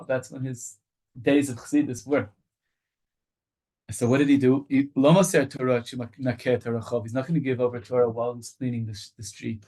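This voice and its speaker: A male rabbi giving a Torah study lecture, reading passages in Hebrew and rendering each one in English as he goes. He tells the story with animation, repeating phrases for emphasis and often restarting his sentences. His voice sits at an ordinary middle pitch for a man. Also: a little mellow. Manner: reads Hebrew lines aloud, then translates them into English. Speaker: rabbi teaching a study group.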